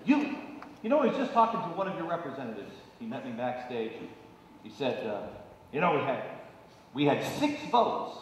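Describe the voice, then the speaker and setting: A middle-aged man giving a sarcastic, animated live stage monologue, mocking people by putting on their voices. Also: mid-range voice, moderate pace, a little hiss or hum. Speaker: political commentator on stage. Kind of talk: live stand-up style monologue. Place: large auditorium stage. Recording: echoey hall audio from far off.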